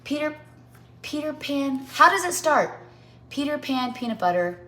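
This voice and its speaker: Livestreaming from her home kitchen, a playful woman in her forties bakes and chats, tripping over tongue twisters and jingles. She has a high, sharp-toned voice that's very animated but a little slow.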